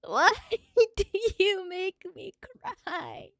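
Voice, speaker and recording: Tearful high-voiced woman streamer, gravelly. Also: slow pace, no echo. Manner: emotional, swearing, laughing often. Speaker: streamer reacting to a video. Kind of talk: casual live reaction.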